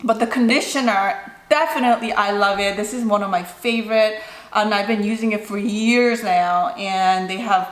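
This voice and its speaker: Fielding questions from her viewers, a young vlogger talks in a loose, meandering way, full of "like" and "you know." Her mid-range voice keeps a fairly even intonation at a normal pace, and the room around her echoes.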